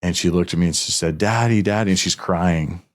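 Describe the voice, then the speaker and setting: A man's voice: deep voice, little pitch movement, brisk. A man hosting a podcast, telling a personal story earnestly and getting a little emotional, with many restarts. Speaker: podcast host. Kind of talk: casual podcast conversation.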